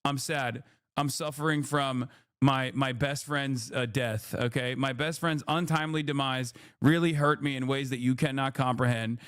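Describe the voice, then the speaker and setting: A man's voice: medium pitch, fairly even intonation, moderate pace, a bit bright, clean tone, dry recording, studio quality, natural voice. A man putting on a mocking voice of a blunt, greedy president who openly admits his motives. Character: mock president, blunt, greedy, brazenly self-pitying.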